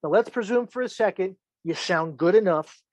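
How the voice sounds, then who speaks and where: A high-pitched man with a darkish tone delivers a laid-back filmmaking lesson at a moderate pace, chatting, cracking jokes, and acting out imagined reactions as an instructor would. The audio is dry.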